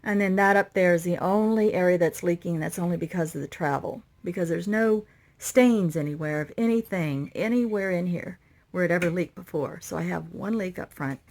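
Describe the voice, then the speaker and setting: Inside the old RV she's restoring, a woman rambles through a casual walkthrough for her viewers, sounding overwhelmed and anxious. Her voice is lowish and somewhat dark in tone, at a moderate pace.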